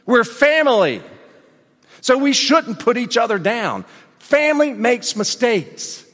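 A male pastor preaching a sermon, animated and emphatic, with folksy asides and questions to the congregation. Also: very high-pitched, unhurried, big-room sound.

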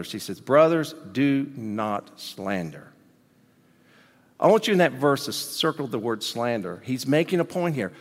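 A male pastor preaching a sermon, animated and emphatic, with folksy asides and questions to the congregation. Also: medium pitch, in a large hall.

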